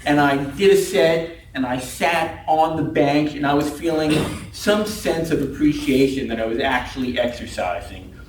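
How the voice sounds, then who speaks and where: A man's voice: a little high, moderate pace, slight background noise. A man giving a humorous prepared speech at a speaking club, telling wry stories and acting out the people in them. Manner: wry storytelling, acts out quoted people. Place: meeting room. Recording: echoey room from far off.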